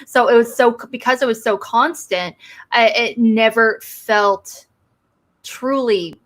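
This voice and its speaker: A woman's voice: a little high, slow pace. Hesitant woman podcast co-host, thinking aloud. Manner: hesitant, restarts and fillers while thinking aloud. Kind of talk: casual chat.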